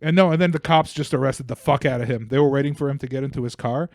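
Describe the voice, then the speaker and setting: A man's voice: medium pitch, fast, darkish tone. A young man from Bulgaria, co-hosting a comedy podcast and telling crude, rambling stories while laughing at his own jokes. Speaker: podcast co-host. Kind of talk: casual comedic storytelling.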